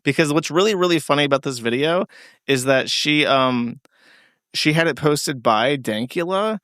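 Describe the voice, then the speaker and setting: A man's voice: fairly high pitch, animated, moderate pace, a bit bright, no echo, studio quality. A young man co-hosting a comedy stream, laid-back and hesitant, laughing often. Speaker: podcast co-host. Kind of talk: casual comedic commentary.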